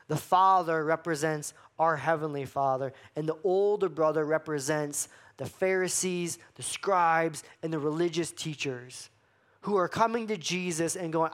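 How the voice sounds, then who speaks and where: A man pastor preaching a sermon, acting out the voices he quotes and dropping to hushed emphasis. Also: high voice.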